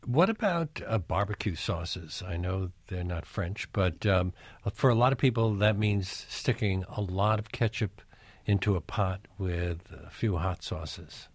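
Male call-in host, low and dry-miked, keeps things moving. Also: a little slow, no echo. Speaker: radio show host. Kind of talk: radio call-in hosting.

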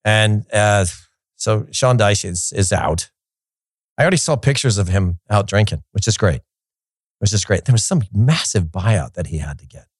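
A man's voice: on the low side, lively intonation, normal speed, slightly rough, no room sound, clean studio sound. A man hosting a soccer talk show, rambling in casual solo commentary with frequent restarts.

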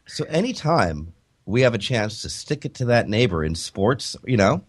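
A man's voice: fairly low pitch, normal speed. A man from Canada hosting a web radio show, chatting casually and joking with his guest. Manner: chatty, joking, animated delivery.

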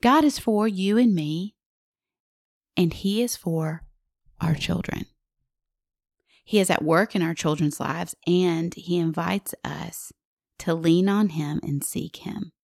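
Warm-hearted woman guest speaker, forties; slow, intimate teaching that slips into whispers, recorded dry. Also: lowish voice, gravelly, dry recording. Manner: earnest and intimate, asking the listener questions and dropping to a whisper. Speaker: guest speaker on a Christian parenting podcast.

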